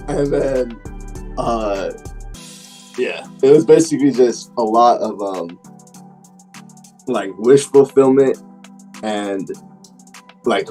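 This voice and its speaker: A man's voice: mid-range voice, darkish tone. A man, a class member, telling a story in rambling casual talk full of fillers. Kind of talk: casual conversation.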